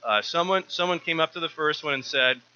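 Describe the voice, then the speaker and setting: Male church speaker, earnest and stumbly, very bright sharp tone, slightly dull recording. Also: on the high side, a little fast, slight background noise. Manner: earnest, often repeats words while restarting. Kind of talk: informal sermon.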